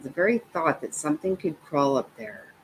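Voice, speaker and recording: A woman's voice: deep voice, normal speed, a little hiss or hum, rough recording. A middle-aged woman hosting a livestream, chatting casually and telling stories with lots of laughter. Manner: laughing, animated storytelling. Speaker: livestream host. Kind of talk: casual chat.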